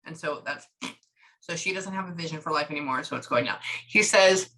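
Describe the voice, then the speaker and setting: A woman giving a psychic reading, relaying a spirit's words in chatty, lively bursts. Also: low voice, a little fast, slight background noise, poor audio. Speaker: psychic medium.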